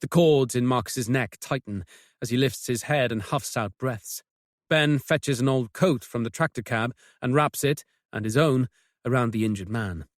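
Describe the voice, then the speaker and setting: A man narrating a mystery audiobook with measured, tense storytelling. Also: mid-range voice, no room sound, studio quality. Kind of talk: scripted narration.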